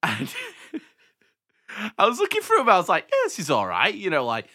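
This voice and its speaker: A chatty young man with a high, bright voice who rambles loosely through stories on a casual podcast. His pitch moves a lot as he talks. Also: wildly swooping pitch, normal speed. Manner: chatty, laughing, lots of likes. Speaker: podcast host. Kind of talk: casual chat.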